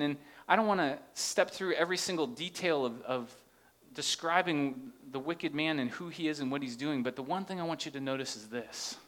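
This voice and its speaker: A man's voice: fairly high pitch, moderate pace, fairly bright tone. A man preaching a sermon, earnest and rising into impassioned questions as he reads scripture. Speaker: pastor.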